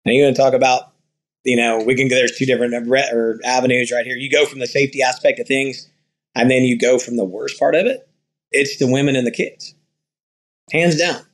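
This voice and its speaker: A ranch owner in an interview, talking earnestly and rambling through stories with quoted dialogue. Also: male voice, mid-range voice, steady tone, brisk, a bit bright. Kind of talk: conversational interview storytelling.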